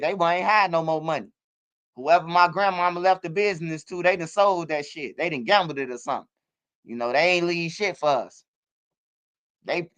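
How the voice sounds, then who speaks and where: A middle-aged man riffs in casual streaming commentary. His voice sits high and sounds bright and smooth. He drifts loosely from point to point and keeps dropping in bro and man. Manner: loose, streetwise, repeats words like bro and man. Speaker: commentary channel host.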